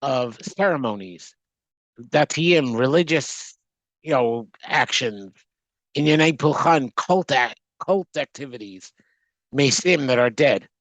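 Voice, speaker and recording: A man teaching a text study class, reading aloud and translating line by line, often halting and restarting words as he goes. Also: medium pitch, lively intonation, a bit bright, dry recording, poor audio. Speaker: Torah teacher.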